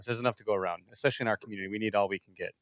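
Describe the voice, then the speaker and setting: A man's voice: lowish voice, fairly even intonation, rapid-fire, dry recording. A man hosting a podcast, telling stories in an easygoing, chatty way. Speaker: podcast host. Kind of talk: casual podcast conversation.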